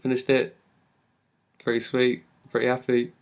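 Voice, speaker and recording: A man's voice: mid-range voice, monotone, measured pace. A man telling a personal story in a talk, casual and full of fillers. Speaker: speaker giving a talk.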